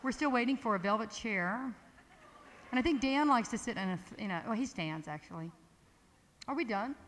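A woman's voice: fairly high pitch, lively intonation, normal speed, fairly bright tone. A woman, chatting casually as emcee of a live music event, rambling and playful as she introduces a band. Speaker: emcee at a music camp evening dance. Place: large hall with audience. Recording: echoey hall with ambient noise.

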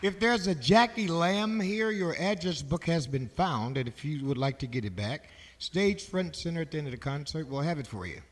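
A man's voice: on the high side, lively intonation, normal speed, few pauses, long reverb tail. A man emceeing a concert, making stage announcements in a loose, joking, conversational way.

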